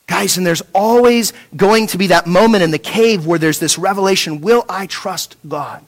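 A man preaching a sermon, asking rhetorical questions and repeating words as he restarts, dropping from a raised voice to a hush. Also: high-pitched, moderate pace, few pauses. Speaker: pastor.

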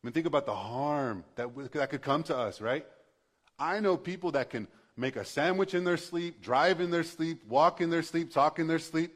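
A man's voice: a little high, normal speed. A male pastor preaching a sermon in a conversational, passionate way, building to emphatic bursts.

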